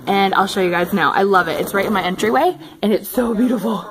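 A woman's voice: mid-range voice, quick pace, a crowd in the background. A young woman chatting casually in a home vlog, giggly and full of fillers, filmed on a handheld phone indoors. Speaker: vlogger. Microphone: handheld phone camera.

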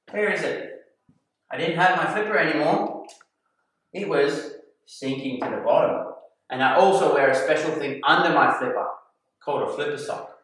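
A man, a kindergarten teacher telling a story to young children and acting out gasps and voices. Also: fairly high pitch. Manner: animated, acts out voices and gasps. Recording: echoey room from far off.

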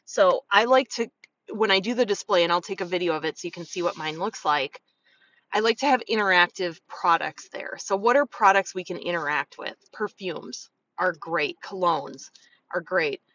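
A woman vlogging casual, frank business advice as a beauty consultant, talking chattily and acting out customers in quick asides. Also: fairly low pitch, fairly bright tone, recorded from a distance, lo-fi sound. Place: in a car on the way to set up.

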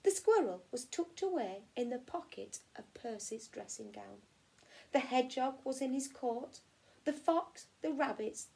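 A woman teacher from England reading a children's picture book aloud in an expressive storytelling way. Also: high voice, creaky. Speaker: primary school teacher.

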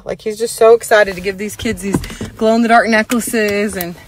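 A woman chatting excitedly in a casual vlog, gushing and upbeat, filmed on a phone indoors and outdoors. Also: mid-range voice, normal speed, a little hiss or hum, poor audio. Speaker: vlogger.

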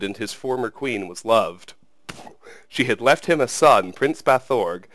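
Brief: male gamer narrating a book from a game, measured, low, dry close mic. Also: fairly bright tone, no room sound. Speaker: let's play host. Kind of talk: reading a book aloud in a game.

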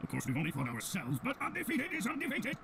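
Man voicing a cocky, squeaky fighter with a gravelly edge, wild swooping pitch, noisy recording. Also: wildly swooping pitch, fast talker, full character voice. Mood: boastful.

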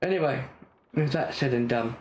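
A man's voice: medium pitch, normal speed, slight background noise. Grumbling English man, roomy echo. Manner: grumbling, exasperated chatter. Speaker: gaming channel host. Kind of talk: casual gameplay commentary.

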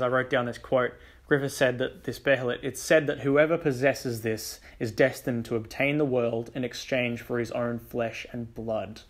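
A young man talks through a manga story in a relaxed, unscripted way, stopping often for ums and likes. His voice sits in an ordinary middle pitch, and he quotes the characters in his own plain tone. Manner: loose, rambling retelling with many ums and likes. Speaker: book and manga reviewer. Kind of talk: casual plot recap.

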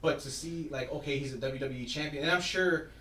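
Animated man telling a story in a roomy room. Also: fairly high pitch, fairly quick, far from the mic. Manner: animated storyteller, acts out quoted lines. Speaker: podcast co-host. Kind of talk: casual wrestling chat. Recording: roomy, off-mic with faint ambience.

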